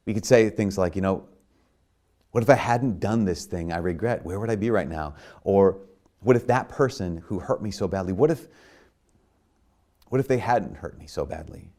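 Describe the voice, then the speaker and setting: A man's voice: low-pitched, normal speed, dark tone. A man, a priest, giving a sermon in a conversational way, full of restarts and "like", at times rising to emphatic bursts.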